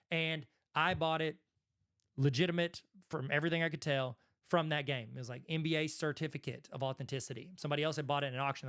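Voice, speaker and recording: Southern man with a slightly high voice. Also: a bit bright, smooth. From Arkansas, USA. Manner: conversational, rambling, self-correcting asides. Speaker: host, card collector. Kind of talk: casual talking-head commentary.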